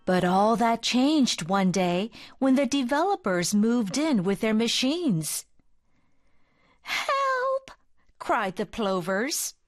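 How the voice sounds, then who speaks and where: Female picture-book reader: gentle, slow, high and animated. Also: no echo, clean studio sound. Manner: gentle, expressive read-aloud. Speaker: storybook reader. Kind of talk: reading a children's picture book aloud.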